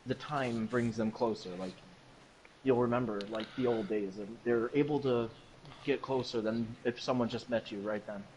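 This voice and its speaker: A young man with an ordinary mid-range voice, musing aloud in casual chat. His sentences loop around "like" as he works out an idea. Steady noise and clicking sit clearly under his voice. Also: mid-range voice, moderate pace, low-quality recording. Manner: musing, philosophizing with lots of "like".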